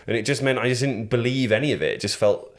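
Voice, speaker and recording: Casual man ranting about films. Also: medium pitch. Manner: swears freely, mimics characters in quick asides. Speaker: podcast co-host. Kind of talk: casual chat.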